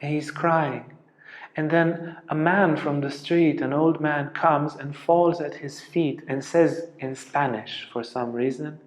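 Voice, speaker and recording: A man giving a spiritual lecture as a teacher, telling stories earnestly and dropping to a soft hush at tender moments. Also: a little high, steady tone, takes it slowly. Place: ashram lecture room. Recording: roomy, echoey lecture room.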